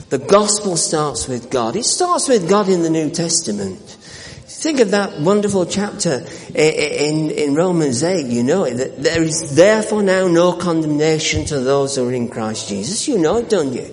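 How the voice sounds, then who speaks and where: Male pastor, earnest sermon, slightly high voice, long church-hall reverb. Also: very animated, darkish tone. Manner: earnest preaching with repeated words and restarts, slowing for scripture.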